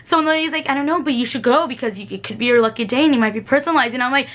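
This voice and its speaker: A woman's voice: high-pitched, very fast, fairly bright tone. A woman in her twenties telling a rambling story for her vlog. She mocks herself, giggles, and acts out the people she quotes with shifts in voice. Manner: giggly, self-mocking. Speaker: vlogger.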